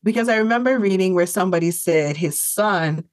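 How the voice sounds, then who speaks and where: A woman's voice: on the low side, fairly quick, dry recording. A woman co-hosting a casual discussion podcast, talking things through thoughtfully with frequent "like" and restarts. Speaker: podcast co-host.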